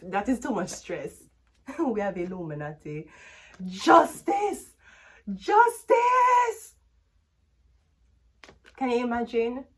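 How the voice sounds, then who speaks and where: A woman's voice: medium pitch, lively intonation, moderate pace, dark tone. A woman with a Jamaican accent giving a casual tarot reading. She is blunt and profane, laughs often, and drifts into patois-heavy stories. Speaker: tarot reader.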